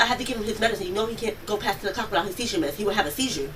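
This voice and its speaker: A woman tells police what happened in a rapid, breathless rush, her words tumbling out at high speed. She is heard from a distance through a bodycam, with steady noise underneath. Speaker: witness. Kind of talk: recounting events to police. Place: home, near the kitchen.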